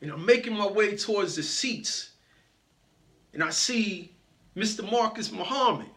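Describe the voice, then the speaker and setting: A man's voice: high voice, expressive, a little slow, sharp tone. A man giving a motivational speech as a story, playfully greeting audience members by name. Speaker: motivational speaker.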